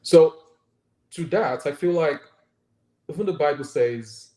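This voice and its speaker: A guest doctor with a Nigerian accent speaks earnestly and reflectively in a conversational interview, often checking in with "right?". His voice is on the high side, warm and slow. The room gives the recording an echo.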